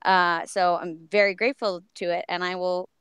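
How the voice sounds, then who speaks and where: Smooth-voiced, low-toned woman chatting. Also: level tone, a bit bright, no echo. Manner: upbeat, chatty, fills pauses with um and uh. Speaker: voice actress guest. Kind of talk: casual live-stream chat.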